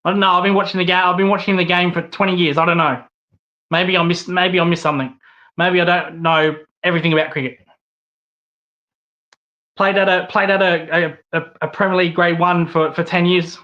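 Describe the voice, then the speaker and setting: An Australian man rants hard, swearing and repeating himself as he hosts his own channel. His voice sits high and sounds bright and forceful. The recording is a little muffled and lo-fi. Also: level tone, fairly quick. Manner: profane, repetitive ranting. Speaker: host. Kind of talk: angry rant vlog.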